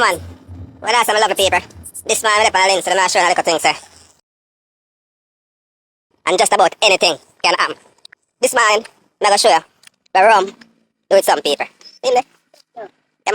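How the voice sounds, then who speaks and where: A woman's voice: medium pitch, brisk, pauses often, a bit bright. A woman in joking street chat, rambling and teasing in patois.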